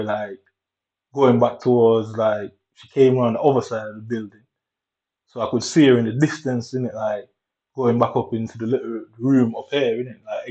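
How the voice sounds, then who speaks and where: A young man rambles through a story, tagging nearly every sentence with a question and leaning on fillers. He speaks at an ordinary mid pitch. The recording sounds a little dull and lo-fi. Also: warm tone. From Jamaica. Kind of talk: casual storytelling vlog, walking tour of his old school.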